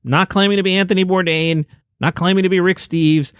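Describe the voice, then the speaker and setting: A podcast host with a high-sitting voice talks a little fast in a steady tone, casually retelling the day's comedy headlines on his solo show. He's seated at a table beside his laptop with a desk mic, and the clean sound is dry and close, with no room around it.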